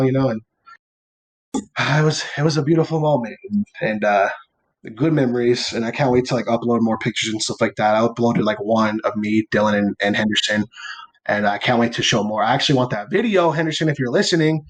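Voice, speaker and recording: A man's voice: medium pitch, quick pace. Laid-back young man telling a rambling story. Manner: rambling storytelling, heavy use of "like" and "or whatever"; laid-back and playful, swearing casually. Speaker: podcast co-host. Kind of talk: casual chat.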